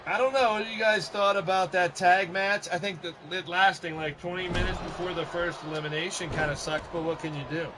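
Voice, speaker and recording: A man doing loose, chatty commentary over a wrestling video game on a live stream, giving shout-outs to his chat. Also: high voice, fairly even intonation, a little fast, few pauses. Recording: noisy game stream with background noise.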